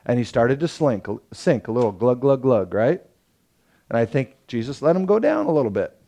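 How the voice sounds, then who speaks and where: A young man preaching a sermon as pastor, telling the story lively and acting out the quotes. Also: mid-range voice, brisk, creaky. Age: young adult. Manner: animated storytelling, acts out quotes with laughs.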